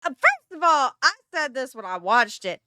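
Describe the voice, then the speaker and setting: A woman's voice: sits high, very animated, moderate pace, background noise. A woman streamer reacting to a video in casual, profane chat, exasperated and often laughing.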